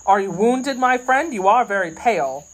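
A woman voicing a brooding male musketeer who speaks in measured, grave questions in an audiobook reading. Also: medium pitch, animated, pitched above the performer's own voice, close to an everyday voice. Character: brooding older male musketeer, dry, weary.

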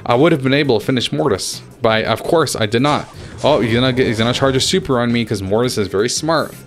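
A man's voice: mid-range voice, fairly quick, a bit bright. Young man, gameplay commentary, swearing, trash talk, faint music behind. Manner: frustrated, swearing, trash-talking opponents. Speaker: gaming YouTuber.

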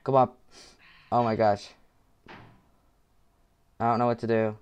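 A man giving gameplay commentary with headphones on, muttering to himself and swinging into frustrated yelling. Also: mid-range voice, little pitch movement, unhurried, clear, resonant tone, highs cut off. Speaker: gaming video creator.

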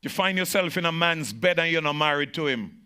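A man preaching a sermon to a congregation as pastor, with emphatic repetition that swings from shouted peaks to slow, low phrases. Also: expressive, clean tone.

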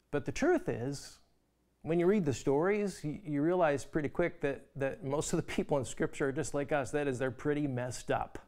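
A male pastor preaching a sermon in a conversational way, often repeating words as he starts a phrase and dropping to a soft, quiet voice for emphasis. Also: on the high side.

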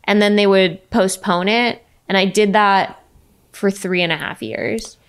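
Slow, deadpan young woman. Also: mid-range voice, smooth. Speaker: podcast guest. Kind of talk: casual comedy podcast chat.

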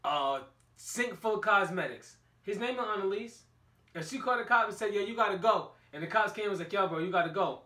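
A man with a high, very bright voice trading profane, teasing banter, often breaking into laughter. He sits back from the mic, so his voice sounds roomy and distant. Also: a little fast. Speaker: podcast co-host. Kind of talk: casual banter about boxing.

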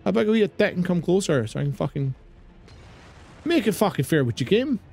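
A man's voice: high voice, sing-song, fast talker, vocal fry, darkish tone, slightly rough. A man with a British accent doing live gameplay commentary, swearing and ranting at the game in exasperation. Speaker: streamer.

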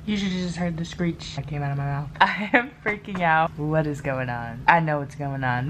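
A woman's voice: deep voice, moderate pace, hardly any pauses, background noise. A young woman chatting through her reactions to a book as she reads it, sometimes dropping to a whisper and swearing freely. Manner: chatty, frequent swearing, excitable, drifts to soft whispers. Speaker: book vlogger. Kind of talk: casual reading reactions to camera.

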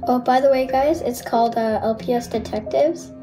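A woman hosting a reaction video in casual chat with viewers, giggly and full of fillers, her voice a little rough from being sick. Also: on the high side, fairly even intonation, moderate pace, over music, low-quality recording. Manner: giggly and chatty, many fillers.

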